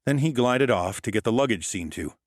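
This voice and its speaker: A man's voice: mid-range voice, animated, brisk, no echo, studio quality. A man narrating a first-person audiobook with a wry, hardboiled delivery.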